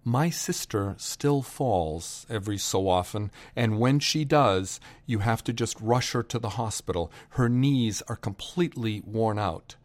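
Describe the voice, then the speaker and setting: A man telling a personal family story to listeners, unhurried, pausing for effect, and raising his voice for quoted shouts. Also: on the low side. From Boston area.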